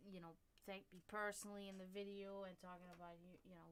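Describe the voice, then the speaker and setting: A woman's voice: on the low side, little pitch movement, fast, few pauses, fairly bright tone, a little hiss or hum. A woman from Germany hosting a livestream, telling a rambling story in casual chat, swearing freely and breaking off to greet viewers. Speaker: livestream host.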